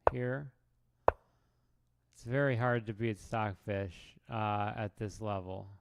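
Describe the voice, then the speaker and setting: A man talks through his chess moves on a live stream in a dry, meandering, self-deprecating way. He speaks slowly in a lowish, creaky voice with a clean tone and no echo, though loud noise sits in the background of the recording.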